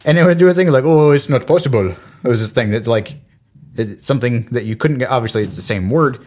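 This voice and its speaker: A man's voice: medium pitch, quick pace. A middle-aged man telling stories in a casual podcast chat, acting out the voices of the people he quotes. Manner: animated storyteller, acts out quoted voices. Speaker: podcast co-host.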